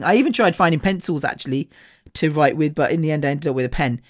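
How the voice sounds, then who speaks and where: A woman's voice: low voice, expressive, fast. A woman hosting a podcast, candidly telling a personal story in a chatty way, swearing freely and laughing often. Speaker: podcast host.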